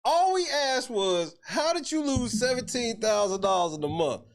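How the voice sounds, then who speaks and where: A host giving comedic commentary on a clip, incredulous, loud and profane, laughing often. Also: mid-range voice, big pitch swings, normal speed.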